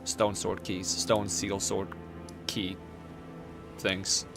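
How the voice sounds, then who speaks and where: A man's voice: deep voice, flat delivery, extremely slow, vocal fry. A young man casually chatting while he plays and streams a game, rambling from thought to thought and laughing often. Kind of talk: casual chat while playing. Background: game music.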